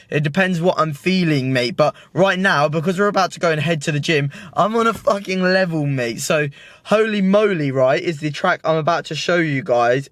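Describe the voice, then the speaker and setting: A young British man vlogging casually to his own camera at home and in his car, excitable, slangy and full of swearing. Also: on the high side. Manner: excitable, slangy and sweary, keeps saying "mate". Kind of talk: casual vlog chat to camera. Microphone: self-filmed camera.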